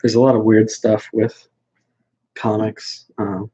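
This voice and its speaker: Host type: lower-voiced man with a husky tone, casual livestream chat, blunt and dismissive, dull lo-fi recording. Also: level tone, slow, mellow. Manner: blunt, dismissive, rambling with many fillers. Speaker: host answering viewer questions.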